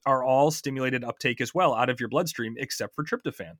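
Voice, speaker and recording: A man's voice: medium pitch, fairly quick, a bit bright, dry recording. A man hosting a podcast, explaining science in a chatty way, quizzing his co-host and often restarting his sentences.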